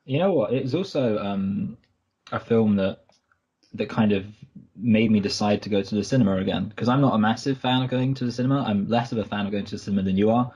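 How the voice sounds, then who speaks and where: A man's voice: on the low side, fast talker, a little mellow, slightly rough, muffled recording. A man co-hosting a film podcast, chatting casually and correcting himself as he rambles through stories. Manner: rambling, self-correcting storyteller. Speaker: podcast co-host.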